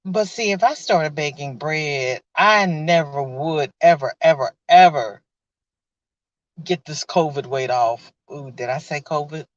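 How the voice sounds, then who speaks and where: Slow-talking woman live from her car. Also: sits low, no echo. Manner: chatty, laughs often, greets viewers by name. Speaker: live stream host. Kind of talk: casual live chat reading viewer comments. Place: inside a car. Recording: dull, lo-fi.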